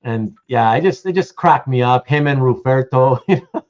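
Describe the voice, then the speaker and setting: Lively, chatty man hosting a livestream. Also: mid-range voice, normal speed, lo-fi sound. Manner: chatty, reads out viewer comments, many restarts. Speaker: host. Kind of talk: casual livestream chat.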